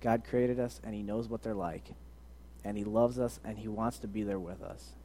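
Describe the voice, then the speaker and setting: A young man giving a casual, earnest sermon, moving between loud emphasis and quiet, soft asides. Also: fairly low pitch, fairly even intonation, moderate pace, slight background noise. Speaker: preacher.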